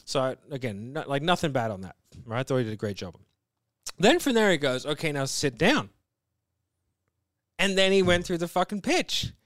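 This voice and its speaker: Sweary guy ranting about a sales pitch, dry close sound, bursts up loud. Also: a little fast, dry recording. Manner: blunt and sweary, animated retelling. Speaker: podcast co-host. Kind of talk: casual chat.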